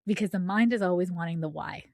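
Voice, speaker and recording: Gravelly-voiced chatty woman podcaster. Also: lowish voice, fast, a little mellow, no room sound, clean studio sound. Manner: chatty, often asks "right?". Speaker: podcast host and coach. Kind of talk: casual spiritual podcast talk.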